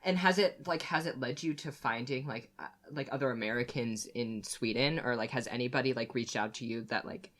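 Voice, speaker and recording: Very deep-voiced woman podcast host. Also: brisk, hardly any pauses, a bit bright. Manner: friendly, rambling questions full of fillers. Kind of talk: casual interview.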